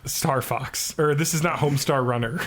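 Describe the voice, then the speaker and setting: A man's voice: a little high, moderate pace, a bit bright, a little hiss or hum. A man co-hosting a casual podcast chat, rambling and joking, with casual swearing. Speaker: podcast co-host.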